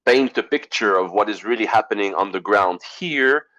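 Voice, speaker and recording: A man giving an online presentation over a video call, halting with fillers and clearing his throat as he loses his voice. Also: lowish voice, lively intonation, bright, forceful tone, lo-fi sound. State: losing his voice.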